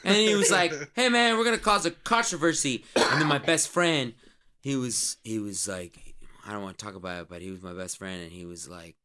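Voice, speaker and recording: A man's voice: medium pitch, a little fast, bright, forceful tone, voice pushed down, lightly acted. A man voicing a brash, crude male jock team captain who rambles boastfully and swears constantly. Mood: swaggering rant. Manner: swaggering, profane, rambling storyteller.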